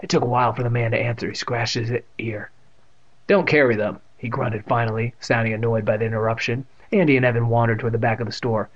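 Husky man reading a kids' book aloud. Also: mid-range voice, little pitch movement, fast talker, hardly any pauses. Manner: adds joking asides to the text. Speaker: reader. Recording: muffled lo-fi recording.

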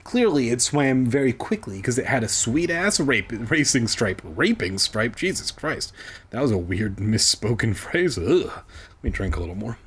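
A man's voice: medium pitch, sing-song, moderate pace, a bit bright, husky. A man reading a kids' book aloud for laughs, breaking off into profane, self-deprecating asides.

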